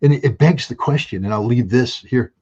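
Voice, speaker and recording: Husky guy talking politics, restarts a lot, kinda muffled audio. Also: mid-range voice, fairly quick. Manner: animated, restarts with many fillers. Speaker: guest. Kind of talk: casual political talk.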